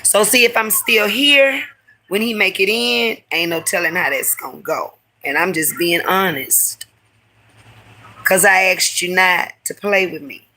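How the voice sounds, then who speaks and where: A woman's voice: mid-range voice, a little slow, sharp tone, low-quality recording. A woman hosting a live stream who tells a personal story in a candid, heated way, full of profanity and slang. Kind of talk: casual storytelling to a live audience.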